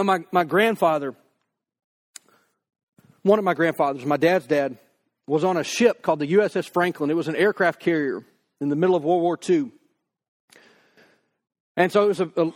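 A man preaching a conversational sermon, acting out quoted prayers in a slow, drawn-out voice. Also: high voice. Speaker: pastor.

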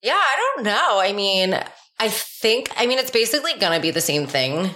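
A woman's voice: medium pitch, moderate pace. A woman guest on a podcast, gossiping casually and dramatically, filling her talk with "like.". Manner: animated, dramatic, fillers like "like".

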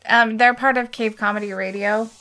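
A woman's voice: fairly high pitch, fairly even intonation, moderate pace, bright, forceful tone. Crude, joking woman podcast co-host. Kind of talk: casual podcast chat.

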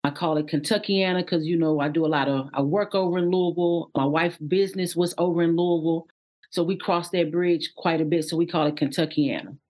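A woman's voice: lowish voice, steady tone, fairly quick, a little mellow. A woman in her thirties, a guest minister from Indiana, talking candidly and chattily with lots of "you know" fillers. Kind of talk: casual interview talk.

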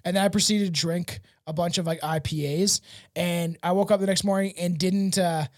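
A man's voice: sits high, fairly even intonation, moderate pace, no echo, clean studio sound. A man hosting a podcast, rambling casually with frequent laughs and swearing. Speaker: podcast host.

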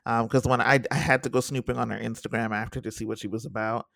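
A young man co-hosting a casual podcast chat, animated and acting out quotes in high voices. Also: fast, vocal fry, dry recording, studio quality. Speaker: podcast co-host. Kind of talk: casual chat reviewing a TV series.

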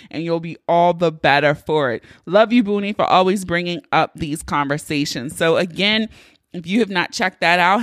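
A woman hosts her own podcast, launching into a casual solo intro that's candid, chatty, and full of cursing. Her lowish voice has a bit of brightness, and the clean studio sound carries no echo.

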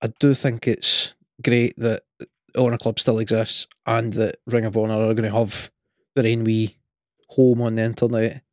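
A man's voice: on the low side, level tone, moderate pace, no echo. Rambling Scottish man, dry close sound. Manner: rambling, hesitant, with many fillers and restarts. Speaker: podcast co-host. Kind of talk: casual chat.

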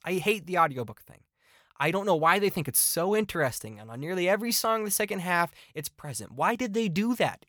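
A man's voice: sits high, fairly bright tone, no room sound, studio quality. A man hosting a podcast and giving a casual album review. He talks bluntly and swears a lot, and his exasperation comes out in repeated complaints. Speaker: podcast host.

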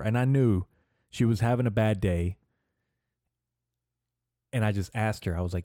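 Low-voiced man ranting with heavy swearing. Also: moderate pace, pauses often, warm tone, dry recording, clean studio sound. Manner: profane, rambling, gets worked up. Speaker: podcast host. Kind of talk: casual storytelling rant.

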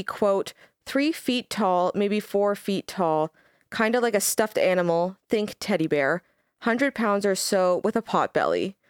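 Woman, podcast co-host, laid-back chat, mid-pitched voice, close dry mic. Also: smooth, no room sound. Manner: laid-back, reads quoted passages aloud.

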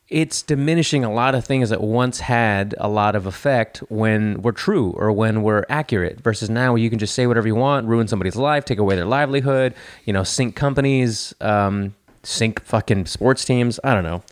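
Male podcast co-host: relaxed, opinionated, casual talker. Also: mid-range voice, normal speed, smooth. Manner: laid-back, opinionated, says "dude" and "like" a lot.

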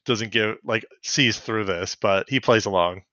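A man's voice: on the low side, measured pace, pushed and bright, dry recording, dull audio. A man co-hosting a podcast, recapping a cartoon in chatty casual talk full of fillers. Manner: chatty, filler-heavy, laughs often. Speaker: podcast co-host.

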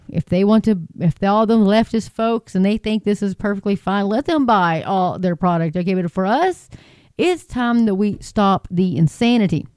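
Woman podcast host, casual and rambling, smooth mellow voice, dry close recording. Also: medium pitch, dry recording. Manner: rambling, chatty, frequent restarts and asides, laughs often. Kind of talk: casual solo podcast commentary. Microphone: podcasting microphone.

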